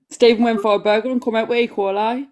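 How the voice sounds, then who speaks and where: A woman's voice: fairly high pitch, steady tone, brisk, a little mellow. A woman making joking puns in a casual chat.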